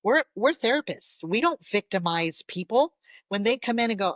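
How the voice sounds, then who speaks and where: A woman therapist speaking as a guest in a podcast interview. She talks in an animated way, acts out the voices of parents, and often checks in with "'kay?". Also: mid-range voice, moderate pace, no room sound.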